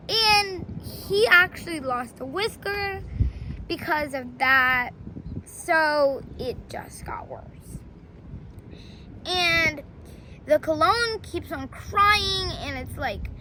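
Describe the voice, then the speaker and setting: A woman's voice: high voice, animated, slow, pushed and bright, slight background noise, low-quality recording. A woman casually retelling a storybook plot, chatty and rambling, with many fillers.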